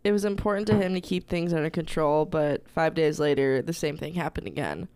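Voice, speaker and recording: A woman's voice: sits low, brisk, darkish tone, smooth, dry recording. A woman co-hosting a casual podcast, reading out a paranormal story between teasing jokes and frequent laughs. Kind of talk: casual chat.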